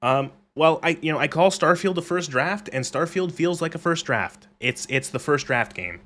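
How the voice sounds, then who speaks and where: A man's voice: fairly high pitch, lively intonation, normal speed, pushed and bright. A man streaming a game live, ranting casually with frequent swearing and reading chat aloud. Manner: rambling, profane, reads chat aloud.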